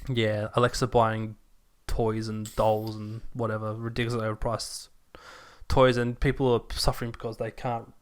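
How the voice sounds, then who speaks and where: A man co-hosting a podcast, chatting casually, quick to agree and laugh. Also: lowish voice, flat delivery, smooth. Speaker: podcast co-host. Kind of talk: casual chat.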